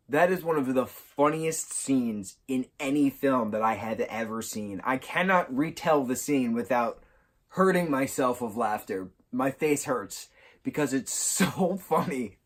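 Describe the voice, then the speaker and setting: Excitable man reviewing a movie. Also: unhurried. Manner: excitable, acts out scenes with big jumps in pitch and volume; giggles through his retelling. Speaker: film reviewer. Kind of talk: casual film review vlog.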